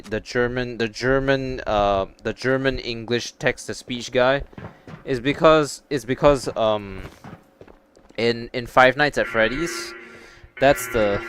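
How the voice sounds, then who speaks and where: A man's voice: medium pitch, a bit bright. A young man streaming a VR game, chatting casually with viewers in a rambling, stop-start way with some swearing. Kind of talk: casual gaming stream chat.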